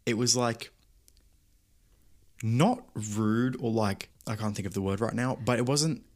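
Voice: mid-range voice, unhurried, a crowd in the background. Young podcast host, casual and slangy, mid-range voice. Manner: chatty, casual slang, many "like" fillers. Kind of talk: casual chat.

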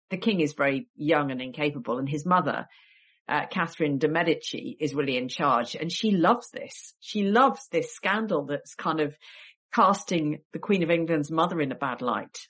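A woman's voice: low voice, a bit bright, breathy edge. A woman historian with a cold, telling stories in a chatty podcast interview with wry asides. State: has a cold. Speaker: guest historian and author.

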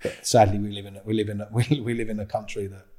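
A man's voice: on the low side, quick pace, slight background noise. A man with a London accent, a guest on a podcast, telling a story with acted-out dialogue and frequent swearing. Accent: London English. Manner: animated storyteller, acts out dialogue, swears freely.

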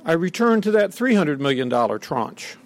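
Middle-aged guy giving a fired-up speech, highish voice, acts out the quotes. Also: big pitch swings, moderate pace, no room sound. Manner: emphatic, indignant, dramatic quoting. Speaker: speaker at a podium. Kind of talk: public speech.

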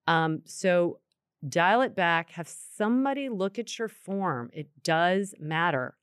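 A woman co-hosting a yoga talk, explaining anatomy in a chatty, animated way. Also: lowish voice, slow, smooth, no room sound, clean studio sound. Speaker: yoga co-host answering questions. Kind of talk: casual podcast chat.

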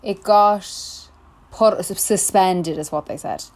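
A woman's voice: medium pitch, slow, a little mellow. Young woman telling a story. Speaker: podcast co-host. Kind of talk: casual chat.

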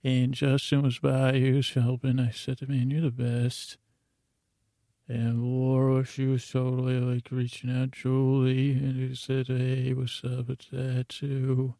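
A man hosting a bedtime podcast, telling a meandering, drowsy run of offbeat listener shout-outs. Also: mid-range voice, monotone, slow, no echo. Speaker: podcast host. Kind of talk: rambling bedtime podcast storytelling.

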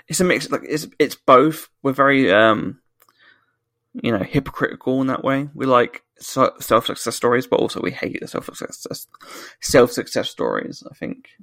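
A British podcast co-host rants through a casual chat, swearing a lot and often restarting his sentences to correct himself. His mid-range voice is animated and slightly bright, with vocal fry, at a moderate pace. The recording has no room sound.

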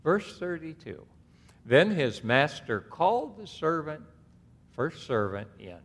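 A man's voice: medium pitch, big pitch swings, unhurried, creaky. A man preaching a sermon as pastor, reading scripture aloud and breaking off into emphatic asides. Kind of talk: expository sermon. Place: church sanctuary. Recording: long hall reverb.

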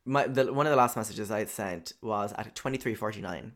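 A man's voice: fairly low pitch, brisk, hardly any pauses. A young man casually telling a personal story, chatty and profane, with lots of filler words.

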